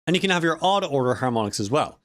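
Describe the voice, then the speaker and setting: Man, casual vlog talk, rambling and self-correcting, pitch swinging up and down a lot. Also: sing-song, quick pace, fairly bright tone, no room sound. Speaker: audio student vlogger.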